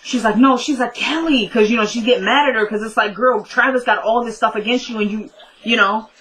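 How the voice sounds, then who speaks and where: A woman's voice: a little high, fairly even intonation, a little fast, fairly bright tone, a little hiss or hum, poor audio. A woman casually recapping a TV episode, retelling the dialogue in a chatty way. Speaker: TV recap vlogger.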